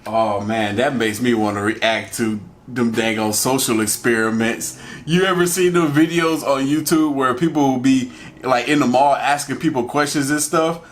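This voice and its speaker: A man's voice: mid-range voice, fairly even intonation, moderate pace, slight background noise. Chatty male reaction-video host. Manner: loose, chatty, laughs often. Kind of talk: casual reaction commentary.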